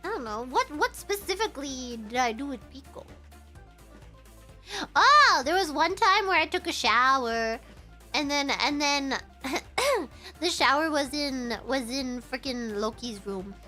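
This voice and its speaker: A woman's voice: high voice, unhurried, soft background music. A young woman streamer telling stories in a casual chat, giggling often. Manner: giggly, animated, breaks into laughter.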